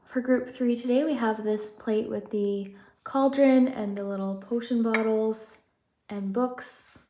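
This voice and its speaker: A woman's voice: fairly high pitch, warm tone. A woman doing a pick-a-card tarot reading, chatty and reflective, often saying "I feel like". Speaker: tarot reader.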